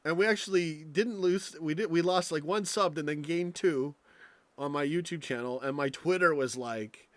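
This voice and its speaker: Young American man, livestream rant, profane and rambling, slightly high voice, dry close sound. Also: normal speed, fairly bright tone, no echo. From United States. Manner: rambling, profane, with frequent restarts. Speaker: live stream host. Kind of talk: casual late-night livestream rant. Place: home, indoors.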